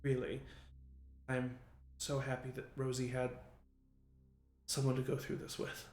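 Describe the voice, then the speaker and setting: A man voicing a very old female elf who speaks softly and warmly to her family. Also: medium pitch, monotone, measured pace, reverberant, faint music behind, natural voice. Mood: tender.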